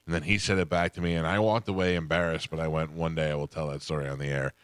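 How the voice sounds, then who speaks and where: A man's voice: a bass voice, flat delivery, fast, clean tone, dry recording. A man hosting a radio show, telling rambling self-deprecating stories in casual studio chat and laughing often.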